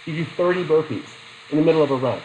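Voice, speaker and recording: A man's voice: on the high side, quick pace, a little mellow, a little hiss or hum, rough recording. A middle-aged man teaching a psychology class in a chatty way, asking the students questions and telling personal stories. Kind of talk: classroom lecture.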